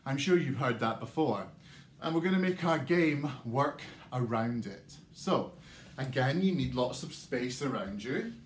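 A man's voice: medium pitch, lively intonation, measured pace, a little hiss or hum. A man teaching a recorded music lesson for young children, explaining a clapping game step by step in an encouraging, patient way. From England. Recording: echoey room, mic at a distance.

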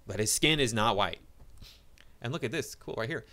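A man delivers casual online reaction commentary in a sarcastic, mocking tone. His voice sits at an ordinary middle pitch. He stumbles into repeated words and restarts as he talks. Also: expressive, normal speed, bright, forceful tone.

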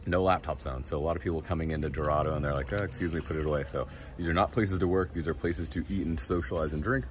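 A man talking casually as a travel vlogger, relaxed and rambling, a little tired, touring cafes and streets. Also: extremely low pitch, quick pace, a little hiss or hum. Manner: relaxed, rambling, enthusiastic about food. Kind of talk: casual walk-and-talk vlog. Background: music.

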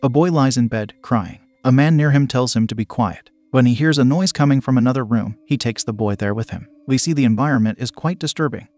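A man's voice: medium pitch, brisk, few pauses, a little mellow. Man narrating a horror movie recap. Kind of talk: scripted narration.

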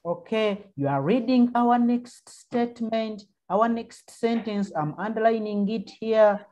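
Over a video call, a woman with a Ugandan English accent teaches an online primary class, prompting and encouraging pupils with many uh-huhs and mm-hmms. Her fairly high voice is warm and measured in pace, and the highs are cut off.

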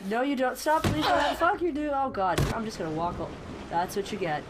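A woman streamer reacts to a horror game with sarcastic, profane asides and sudden shrieks. Her voice sits a little high and swings widely in pitch. Clear background noise runs under the recording. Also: animated, brisk. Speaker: gaming streamer. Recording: noisy home recording.

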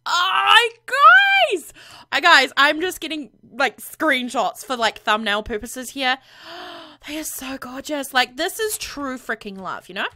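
A woman's voice: high-pitched, slow. Bubbly, squealing woman gamer. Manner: bubbly, gushing, squeals with excitement. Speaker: gaming video creator. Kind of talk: let's-play commentary. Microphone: USB condenser microphone.

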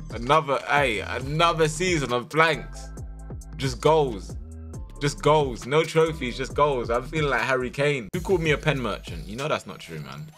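A young man, commentating his own football game live, swinging from loud cheers to low grumbling. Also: moderate pace, soft background music. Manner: excitable, shouting at the game, then sulking. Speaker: gaming YouTuber.

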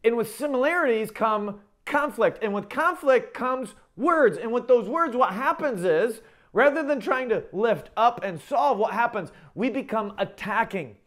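In an unhurried, expressive manner, a middle-aged pastor with a very high, fairly bright voice gives a sermon that feels like conversation. He regularly checks in with "okay?" and "right?" while repeating and restarting what he says.

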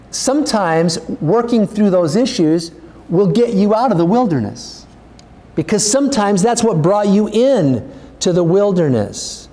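Earnest pastor with a mellow voice. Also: male voice. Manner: earnest, urging, rises in pitch when exhorting. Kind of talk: sermon.

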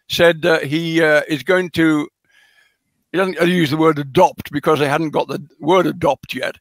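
A man's voice: fairly high pitch, fairly bright tone, no room sound. A man being interviewed as a scholar, explaining in a lecturing way with frequent hesitations and fillers, stressing key words for emphasis.

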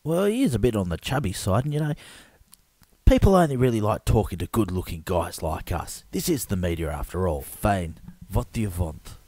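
A man jokes his way through an improvised sketch, with blokey banter and frequent stammers. His voice is husky and mellow, and he speaks into a close, dry mic. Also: fairly low pitch, sing-song, a little fast, dry recording. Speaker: comedic host.

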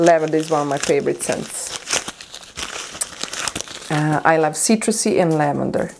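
Excitable woman vlogger with a low voice. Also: normal speed, vocal fry, noisy background. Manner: excitable and emotional, squealing with delight. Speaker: beauty vlogger. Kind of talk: casual unboxing vlog.

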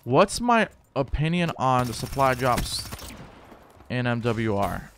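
A man's voice: mid-range voice, sing-song, slow pace, a bit bright, slight background noise. A man livestreaming a game, chatting loosely with viewers in a rambling, profane way. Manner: rambling, swears freely, chats to viewers. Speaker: gaming livestreamer. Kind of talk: casual livestream chat while playing.

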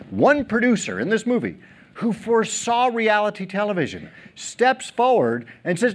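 A man's voice: sits high, normal speed. A middle-aged man giving a keynote speech on a theater stage, telling stories, acting out quotes and joking with the audience. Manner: animated storyteller, acts out quotes, jokes with audience. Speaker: keynote speaker.

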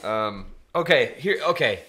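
A man's voice: medium pitch, lively intonation, normal speed, sharp tone, slightly rough. A man co-hosting a casual comedy podcast, riffing loosely with lots of swearing and "dude". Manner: profane, riffing, calls people dude. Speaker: podcast co-host.

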